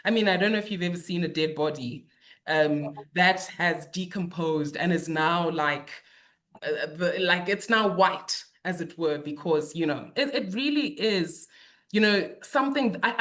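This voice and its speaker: Woman, middle-aged, lawyer-politician, webinar testimony, animated, emotional, lots of fillers. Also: medium pitch. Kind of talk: candid personal testimony in a webinar talk.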